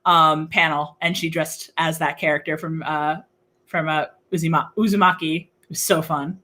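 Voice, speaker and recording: A young woman chatting casually in an interview, bubbly and giggly with quick asides. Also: deep voice, fairly even intonation, sharp tone. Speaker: game master.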